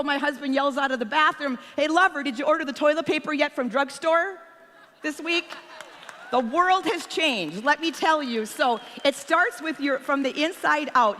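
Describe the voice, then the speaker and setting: A woman giving an animated motivational talk at a convention, telling stories and acting out quotes. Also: sits high. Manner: animated storytelling, acts out quotes. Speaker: conference speaker. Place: large convention hall. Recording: long hall reverb.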